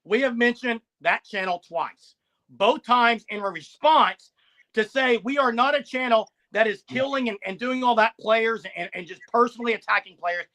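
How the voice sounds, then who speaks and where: A man's voice: extremely high pitch, moderate pace, sharp tone. A man co-hosting a live sports podcast, speaking in an insistent, defensive way and repeating words as he pushes his point. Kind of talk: casual live-stream sports talk.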